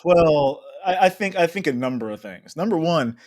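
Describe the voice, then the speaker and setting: A man's voice: fairly high pitch, lively intonation, normal speed, darkish tone, no room sound, studio quality. A young adult man, a podcast co-host chatting casually about a reality show, laughing often and acting out other people's voices.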